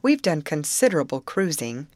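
A woman reading a bold young woman who answers quickly and eagerly. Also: low-pitched, big pitch swings, darkish tone, no echo. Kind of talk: audiobook character voice.

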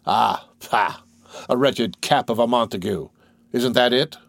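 A man reading an old novel aloud, voicing a spoiled young male scholar who talks in a coaxing, mock-innocent way, slightly higher than his narration. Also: measured pace, gravelly, no echo.

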